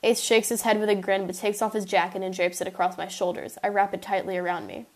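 A woman's voice: mid-range voice, level tone, fast. A young woman hosting her own podcast, reading a chapter of her story aloud and then answering listener questions in casual, chatty, self-mocking asides.

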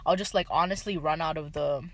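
A woman's voice: low voice, brisk, crowd noise. A woman co-hosting a casual chat, sassy and dramatic as she tells stories, swearing freely. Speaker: podcast co-host.

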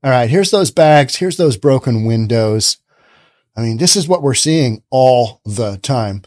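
A man's voice: mid-range voice, animated, measured pace, a little mellow, no echo, clean studio sound. A man hosting a podcast, commenting sarcastically on news stories he reads aloud, often repeating himself. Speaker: podcast host.

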